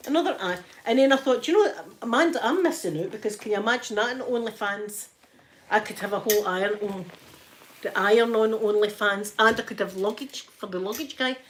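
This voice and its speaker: A woman's voice: mid-range voice, fairly quick, a little hiss or hum. A Scottish woman chatting casually to her viewers at home, talking freely and laughing often. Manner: chatty, laughs often, addresses chat by name. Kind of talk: casual live-stream chat while ironing.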